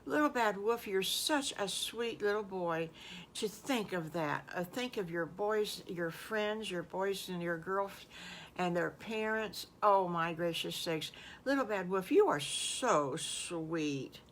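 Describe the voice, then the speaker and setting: A woman's voice: a little high, expressive, unhurried, a bit bright, a little hiss or hum, voice pushed up. An older woman voicing a doting, affectionate farm wife in a storybook tale, sweet and full of endearments.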